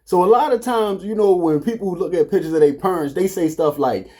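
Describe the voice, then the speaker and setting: Speaking with a Baltimore accent, this man in his 40s from Baltimore, Maryland, is a vlogger joking around in a family vlog. He's playful, teases and laughs a lot, in a high, slightly mellow voice that runs a little fast.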